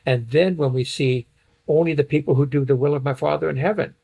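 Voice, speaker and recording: A man's voice: a little high, steady tone, a little fast, gravelly, mellow, husky, low-quality recording. A man teaching a Bible study lesson from slides, explaining a passage point by point and reading it aloud.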